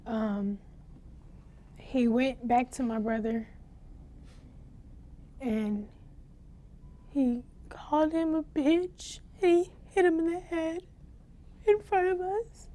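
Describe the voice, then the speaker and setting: A teenage girl in an interview, telling of a traumatic night in a halting, shaken way, with pauses and restarts. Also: high voice, fairly even intonation, mellow. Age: teens. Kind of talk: recounting a personal ordeal in an interview.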